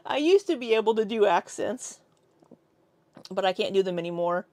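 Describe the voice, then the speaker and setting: A young American woman talks casually to her stream viewers, laughing a lot as she goes. Her voice sits at a medium pitch and sounds very dry and close, with no room around it. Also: moderate pace, pauses often, no echo. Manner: chatty, laughs often, tries out silly accents. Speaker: live streamer.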